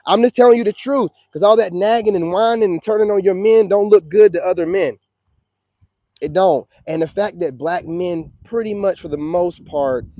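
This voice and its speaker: Man for a preachy, slangy rant. Mellow tone, dry close mic. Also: on the high side, dry recording. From United States. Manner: preachy, heated, slangy, repeats "you know what I'm saying". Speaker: online commentator. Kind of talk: ranting monologue.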